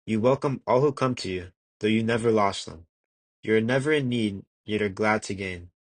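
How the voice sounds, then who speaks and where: A young man reading a classic religious text aloud as an amateur audiobook narrator, measured and earnest, with occasional slips and restarts. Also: fairly low pitch, no echo. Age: young adult. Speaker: audiobook reader.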